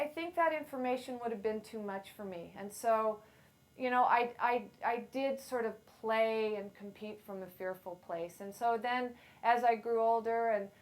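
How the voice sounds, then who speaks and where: A middle-aged woman giving a playful, self-deprecating motivational talk to a live audience on a handheld mic. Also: mid-range voice. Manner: playful, self-deprecating storyteller who acts out quotes loudly. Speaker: speaker at a women's event.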